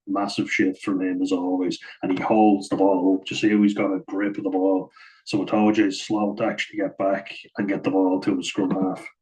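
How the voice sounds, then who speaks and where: A man's voice: sits low, flat delivery, moderate pace, dark tone, rough recording. A man giving a chatty, casual voice-over breakdown of rugby footage, often saying "like" and chuckling at his own asides. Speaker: rugby match analyst.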